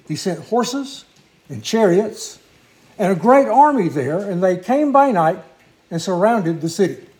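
A male preacher tells a story from the pulpit in a fairly high voice with a soft, mellow tone. He speaks earnestly and without hurry, and now and then stops to correct himself. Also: sing-song, rough recording. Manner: earnest, unhurried storytelling with small restarts. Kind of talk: sermon storytelling.

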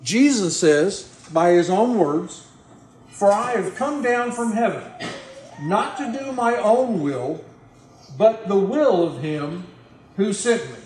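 A man's voice: high-pitched, expressive, slow pace, a little mellow, echoey room, rough recording. A man preaching a sermon, reading scripture aloud and pressing its points on his listeners in an earnest, emphatic way. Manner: earnest, emphatic, addresses the congregation directly.

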